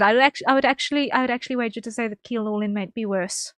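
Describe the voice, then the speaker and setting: A woman's voice: on the high side, rapid-fire, few pauses, a bit bright, dry recording, clean studio sound. A woman streamer from the UK, chatting casually to her viewers, rambling with ums and repeated phrases. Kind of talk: casual chat.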